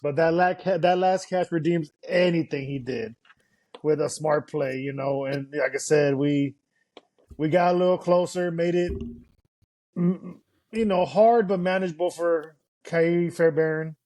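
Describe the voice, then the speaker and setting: A man's voice: a little high, unhurried, a little mellow. A man co-hosting a podcast, eagerly recapping a football game in casual chat. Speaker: podcast co-host.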